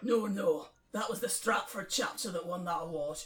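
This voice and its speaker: A woman's voice: lowish voice, moderate pace, echoey room, distant mic, pitched below the performer's own voice, natural voice. A woman with a northern English accent voicing Dean, a polite, awkward Scottish man joining a reenactment group, with a shaky put-on Scottish accent in a comedy sketch. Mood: earnest.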